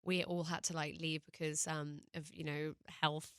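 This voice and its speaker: A woman's voice: low voice, level tone, normal speed, clean tone, dry recording. A British woman, a singer, chatting casually as a guest in a radio studio interview, hesitant with lots of ums and little laughs.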